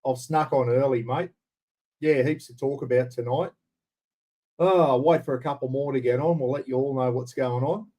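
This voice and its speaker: An Australian man with a warm, medium-pitched voice hosts a casual livestream from a room in his home. Speaking at a normal speed, he chats easily and reads out viewers' names as he greets them.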